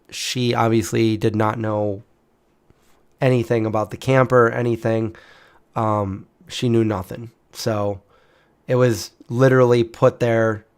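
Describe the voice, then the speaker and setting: A man's voice: medium pitch, clear, resonant tone. Man telling a story, rambling. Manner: rambling, with frequent restarts and fillers. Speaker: channel host. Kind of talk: casual storytelling.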